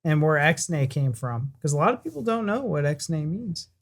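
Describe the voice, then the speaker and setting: A man's voice: a little high, very animated, normal speed, gravelly. Playful American man hosting a reaction. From United States. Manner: playful, rambling, jokes with co-host. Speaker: reaction channel host. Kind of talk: casual reaction chat.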